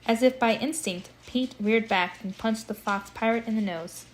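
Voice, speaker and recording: Casual amateur reader lady, chatty and expressive, kinda high voice. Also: normal speed, slight background noise, low-quality recording. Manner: chatty, expressive, breaks off to comment. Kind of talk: casual read-aloud with commentary.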